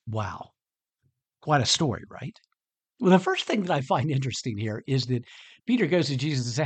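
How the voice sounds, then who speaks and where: A man hosting a podcast who reads a Bible passage and then talks it through in a chatty, animated way, often restarting his sentences. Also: medium pitch, moderate pace, pauses often, slightly rough. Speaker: podcast host. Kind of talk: conversational Bible talk.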